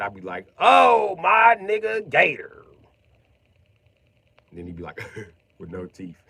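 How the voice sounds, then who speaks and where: A man ranting on a livestream in profane, swaggering slang. His voice sits low, and it moves from a muttered aside to loud, animated bursts. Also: slight background noise. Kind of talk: casual profane livestream rant.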